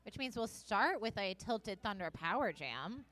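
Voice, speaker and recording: A woman commentating live on a roller derby game, chatty and quick to correct herself. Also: mid-range voice, big pitch swings, fairly bright tone, no room sound.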